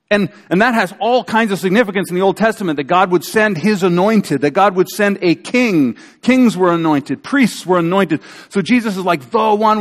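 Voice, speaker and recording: Conversational pastor with hall reverb. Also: male voice, high voice. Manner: conversational, animated storytelling with acted-out quotes. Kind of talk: sermon. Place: church sanctuary.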